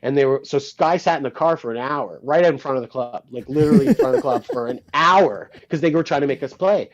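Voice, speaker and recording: Quick-talking man on a dull lo-fi line. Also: mid-range voice. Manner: animated, acts out quoted dialogue, swears casually. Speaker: guest musician, guitarist and producer. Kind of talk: casual interview storytelling. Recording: dull lo-fi sound.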